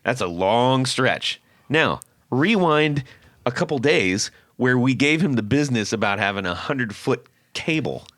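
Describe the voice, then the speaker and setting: A podcast host tells a story in a lively, casual way and acts out the voices of people in it. His voice sits at an ordinary middle pitch. The sound is dry and close, with no room echo. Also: a little slow. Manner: animated, acts out quotes with laughs.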